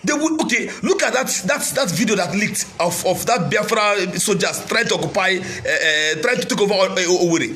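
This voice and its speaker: A fiery Nigerian man with an Igbo mother tongue, his voice pitched very high and sharply bright. He declaims to his followers as a militia leader, alternating shouted lines with a sing-song cadence. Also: lively intonation, a little fast, few pauses, slight background noise. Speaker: self-styled militia leader. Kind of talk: impassioned speech to followers.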